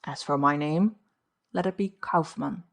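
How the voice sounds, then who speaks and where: Female narrator voicing a domineering older gentleman, slow, suave and condescending, audiobook. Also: sits low, vocal fry.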